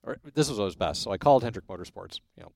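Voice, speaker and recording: In a casual storytelling chat, an Illinois man appears as a guest, relating tales from his career and animatedly voicing the people he quotes. He talks very fast in a lowish, creaky voice, and there's no echo.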